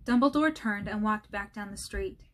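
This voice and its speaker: A woman's voice: mid-range voice, normal speed. A woman casually reading a children's novel aloud, friendly and slightly hesitant, apologizing for slips. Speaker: channel host reading aloud.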